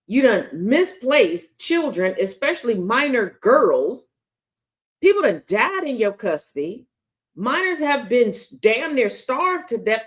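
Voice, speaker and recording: A woman hosting a daily news commentary show, talking bluntly and sarcastically with plenty of profanity. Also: a little high. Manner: taunting, confrontational. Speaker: host.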